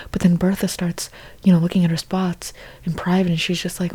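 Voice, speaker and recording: Breathy whispering young woman in whispered role-play. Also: on the low side, little pitch movement, brisk, mellow. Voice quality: mostly whispered. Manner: rambling absurd monologue with many restarts. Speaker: ASMR creator.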